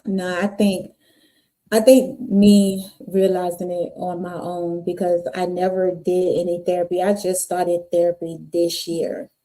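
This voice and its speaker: A woman's voice: fairly low pitch, measured pace. A woman, guest on an interview podcast, telling her life story candidly and acting out the people in it. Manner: animated, acts out voices in her stories.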